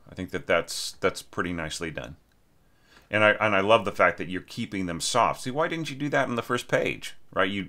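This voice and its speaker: A man's voice: low-pitched, bright, forceful tone. A man teaching orchestration, casually critiquing a student's score with many restarts and tag questions. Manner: conversational, lots of "right?" and restarts, sings phrases.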